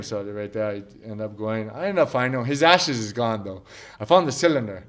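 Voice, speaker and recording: A man's voice: medium pitch, animated, a little fast. Profane, rambling fighter telling his story. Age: 30s. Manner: profane, rambling, acts out quotes of others. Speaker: mixed martial arts fighter. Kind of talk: casual interview storytelling.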